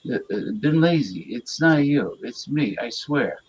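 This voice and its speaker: A male livestream host with a mid-pitched voice chats loosely with his viewers and reads their comments aloud. He is crude, rambles from topic to topic, and stumbles over repeated words. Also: expressive, unhurried, husky, rough recording.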